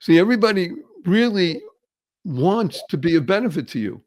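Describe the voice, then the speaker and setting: Enthusiastic podcast host, emphatic. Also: male voice, sits high, very animated, normal speed. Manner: enthusiastic and emphatic, urging listeners. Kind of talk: podcast interview.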